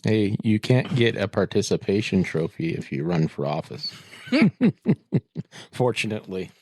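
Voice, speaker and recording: A man's voice: fairly low pitch, animated, unhurried, darkish tone. A man co-hosting a podcast in casual chat, answering with dry, teasing one-liners. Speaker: podcast co-host.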